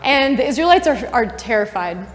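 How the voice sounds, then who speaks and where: A woman's voice: on the high side, very animated, moderate pace. A young woman, a campus missionary, giving a casual Bible teaching talk full of "like" and asides to her listeners, in a university chapel. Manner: chatty, full of "like" and asides to the audience. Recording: long chapel reverb.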